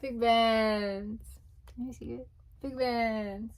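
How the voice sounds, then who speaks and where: A young woman chatting casually as she unboxes albums, gushing and squealing with excitement. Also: on the high side, slow pace.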